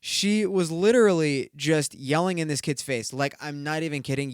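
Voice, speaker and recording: Young male podcast host, casual and profane, slightly higher voice, smooth tone. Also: normal speed, no echo, clean studio sound. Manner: rambling, profane, filler-heavy retelling. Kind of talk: casual solo podcast storytelling.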